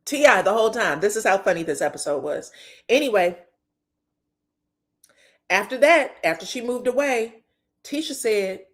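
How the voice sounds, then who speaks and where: A woman hosting a casual reality TV recap, telling it in an animated, profane and sassy way. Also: mid-range voice, moderate pace, long pauses.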